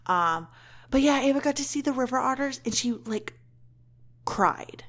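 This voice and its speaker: New mom on a podcast, chatty, emotional, says like a lot. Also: female voice, high-pitched, lively intonation, normal speed, fairly bright tone. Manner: chatty, emotional, frequent "like" and "um" fillers. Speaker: podcast co-host. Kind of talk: casual chat.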